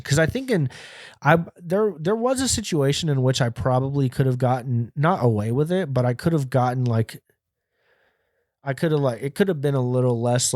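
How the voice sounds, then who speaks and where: Brief: young male podcast host, profane and animated storyteller, dry close sound. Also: mid-range voice, no room sound. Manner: profane, animated, acts out quoted voices. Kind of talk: casual storytelling monologue.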